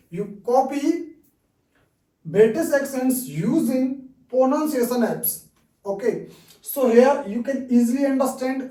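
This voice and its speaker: A man teaches English at a very unhurried pace, repeating words to drill them and tacking "okay?" onto almost every point. His voice sounds mellow and dark. He is recorded from some distance in a roomy, echoey space. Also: very high-pitched. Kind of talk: online language lesson.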